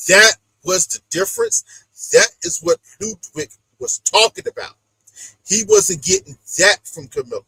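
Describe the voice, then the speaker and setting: A podcast host with a strikingly high, gravelly, husky voice that leaps all over the place recaps a dating show in casual chat. He's animated and acts out each person he describes. The low-quality recording is dry and close, with no echo.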